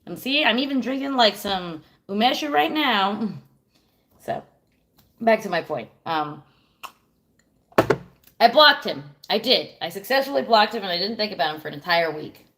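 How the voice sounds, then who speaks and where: A woman's voice: mid-range voice, animated, moderate pace, pauses often, a bit bright. A woman in her thirties chatting casually on a livestream, telling a rambling, profane story and answering viewers. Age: 30s. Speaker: streamer.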